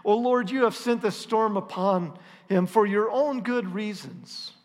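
Frightened sailors crying out in a loud, strained, high voice, as a preacher puts them on. The cries ring through a space with a long, trailing reverb. They sound desperate and insistent. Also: male voice, sing-song, takes it slowly, heavily acted. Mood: pleading. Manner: loud pleading voice, raised high.

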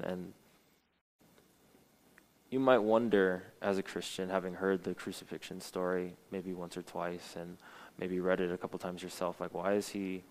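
Low, flat-voiced young man preaching. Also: low-quality recording. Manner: earnest, with frequent fillers and restarts. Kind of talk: sermon with scripture reading.

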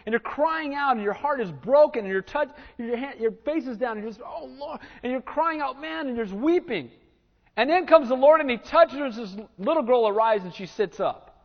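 Male pastor with a high voice, animated preaching, muffled lo-fi recording in a reverberant church. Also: fairly quick. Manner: animated preaching, acts out Bible scenes. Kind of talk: sermon. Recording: reverberant church hall, dull lo-fi sound.

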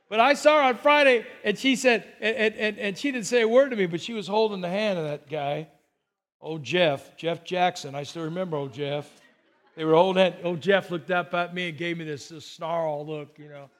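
An older man delivers a sermon in a high-pitched voice. He moves between chatty personal stories and sudden quiet, soft lines for emphasis, with a self-deprecating sense of humor. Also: brisk. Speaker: pastor.

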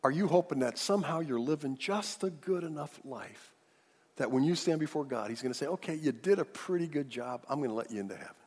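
Preacher guy, high voice, really pushing it, church hall echo all around. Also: lively intonation, brisk, a little mellow, breathy edge. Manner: emphatic preaching with call-and-response. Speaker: pastor. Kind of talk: sermon.

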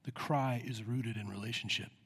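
A man's voice: mid-range voice, steady tone, moderate pace, breathy edge. A man preaching a sermon with earnest emphasis, acting out prayers in a raised voice. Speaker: pastor. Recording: long hall reverb.

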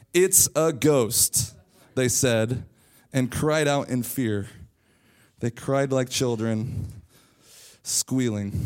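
A man's voice: on the high side, a little mellow. A man preaching a sermon in church, casual and joking as he retells a story. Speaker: pastor.

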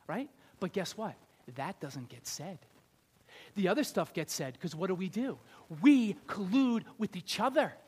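A male pastor giving a conversational, animated sermon, acting out little scenes. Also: sits high, normal speed, breathy edge.

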